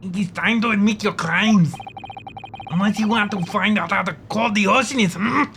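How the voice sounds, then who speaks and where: A woman voicing a gruff, accusing Russian sailor with a put-on Russian accent and broken English. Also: mid-range voice, moderate pace, background noise, natural voice. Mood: menacing.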